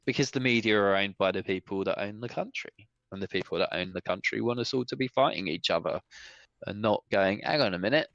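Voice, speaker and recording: A man hosting a podcast, his voice fairly low and a touch dull in tone. He rants in an opinionated, animated way. The room around him sounds dry. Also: fairly quick, creaky, no echo. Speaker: podcast host. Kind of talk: casual podcast chat.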